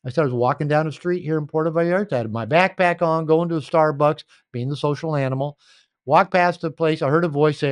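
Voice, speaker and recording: A man's voice: a little high, fairly quick, no echo. Older man telling stories, dry sound. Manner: rambling, anecdotal, with restarts. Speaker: author and coach. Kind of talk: storytelling in a podcast interview. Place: home.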